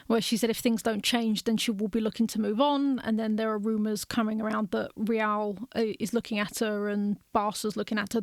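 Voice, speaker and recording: A woman's voice: a little high, no room sound. Chatty woman, dry close sound. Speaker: podcast co-host. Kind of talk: casual sports chat.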